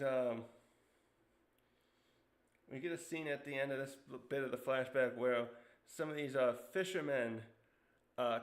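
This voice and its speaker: A young man talks through a comic chapter in a loose, rambling way, full of ums and restarts. He voices the characters' quotes by pushing his pitch up, then drops back to an ordinary, middle-pitched speaking voice. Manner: rambling, many fillers, acts out quotes in a higher voice. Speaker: manga reviewer. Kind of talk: casual recap commentary.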